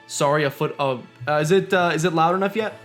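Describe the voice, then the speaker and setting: Over game music, a fast-talking young man with a higher, fairly bright voice gives casual commentary while streaming his gameplay. He jokes, rants, and now and then reads the in-game lines out loud.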